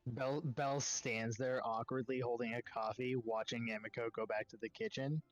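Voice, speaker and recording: A man's voice: medium pitch, fairly even intonation, moderate pace, no room sound, faint music behind. Laid-back man playing a tabletop game. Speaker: player. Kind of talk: tabletop role-play.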